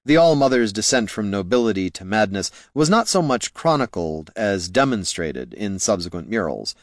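A man's voice: on the low side, big pitch swings, moderate pace, dry recording. A man reading fantasy fiction aloud in scripted audiobook narration, with a dry, wry delivery.

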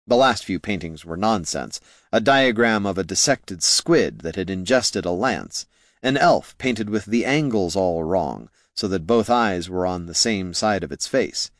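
A man's voice: on the low side, dry recording. A man reading fantasy fiction aloud in scripted audiobook narration, with a dry, wry delivery.

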